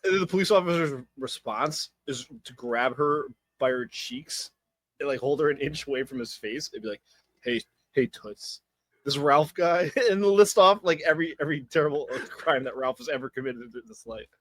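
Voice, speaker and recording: A man's voice: medium pitch, expressive, fairly quick, a bit bright, no room sound. A man co-hosting a podcast, chiming in with short remarks and laughter while recapping a film. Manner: laughs along, short interjections. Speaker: podcast co-host. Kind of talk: casual movie-recap chat.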